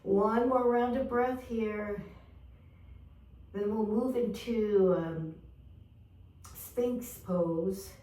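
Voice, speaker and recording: A woman in her fifties guiding a yoga class with calm, gentle step-by-step cues. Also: mid-range voice, very slow, long pauses. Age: 50s. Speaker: yoga instructor. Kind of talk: guided yoga class instruction. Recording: echoey room, mic far off.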